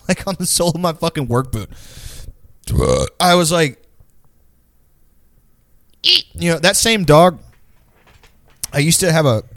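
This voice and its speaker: A young man spins a rambling story in an easy, unfiltered way, swearing constantly as he goes. His voice sits at a middling pitch. The sound is dry and close, with no room around it. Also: no echo. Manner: profane, rambling, animated storytelling. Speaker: storyteller in a group chat. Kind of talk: casual chat.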